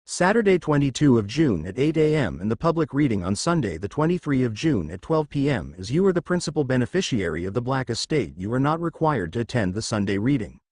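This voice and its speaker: A man narrating a fan fiction story in a steady, expressive storytelling voice. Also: medium pitch, no echo, clean studio sound.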